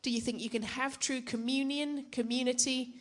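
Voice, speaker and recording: A woman's voice: high-pitched, fairly even intonation, moderate pace. A young woman preaching to a church gathering in a chatty, self-deprecating way, often asking the audience questions. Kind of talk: conference teaching talk.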